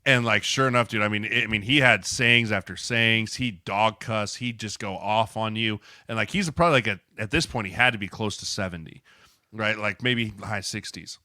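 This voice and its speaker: A man's voice: fairly low pitch, normal speed, no echo, studio quality. A man in his thirties, a podcast co-host and former pro lineman, telling a story in casual chat and acting out quotes, with lots of "like". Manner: animated, acts out quotes with filler "like".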